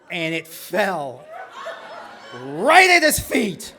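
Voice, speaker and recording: A man from Texas with a high voice tells a story on stage. His pitch swings widely as he delivers it in a comic, animated and exaggerated way. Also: unhurried.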